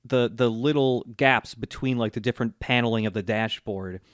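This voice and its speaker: A man's voice: mid-range voice, normal speed, dry recording. Laid-back male podcaster, dry close sound. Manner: laughing, filler-heavy retelling. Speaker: podcast co-host. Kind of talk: casual chat recapping an anime.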